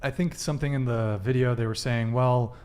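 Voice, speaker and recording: A man hosting a live dating talk show, prompting guests in a relaxed way full of fillers. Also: medium pitch, brisk. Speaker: host.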